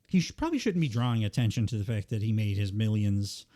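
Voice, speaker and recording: Man, mellow tone, rambling, many fillers, casual podcast chat. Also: lowish voice, very animated, fast talker. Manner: rambling, filler-heavy, laughs between lines. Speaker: podcast co-host.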